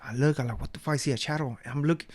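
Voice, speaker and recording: A man's voice: medium pitch, rapid-fire, darkish tone. A man vlogging in a casual, profane rant, telling street-slang stories with frequent laughter.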